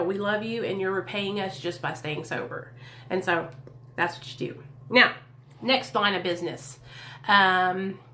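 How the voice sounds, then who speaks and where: A woman's voice: mid-range voice, fairly bright tone, slight background noise. A woman talking candidly to her viewers in a casual livestream, answering their questions in an earnest way with lots of fillers and restarts.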